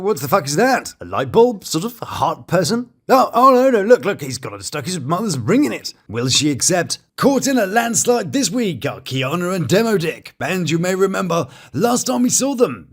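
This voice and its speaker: Husky, sarcastic man with a lively voice. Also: sits high. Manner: mocking, cheeky, quick asides. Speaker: reality TV reviewer. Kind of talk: sarcastic commentary over clips.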